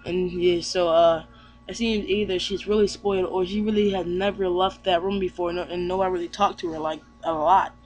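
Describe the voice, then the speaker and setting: A man with a high-pitched voice recaps a comic chapter in loose, rambling speech, trailing off and restarting as he goes. He sounds easygoing and unscripted, with a faint hum in the background. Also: fairly even intonation, fairly quick. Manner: rambling, with lots of fillers and restarts. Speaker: anime reviewer.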